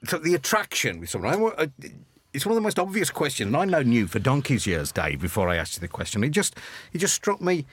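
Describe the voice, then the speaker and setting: A male host asking questions in a relaxed chat, his pitch rising and falling freely. He stammers and restarts often. The recording is dry and close. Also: fast, slightly rough, no room sound. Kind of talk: casual chat.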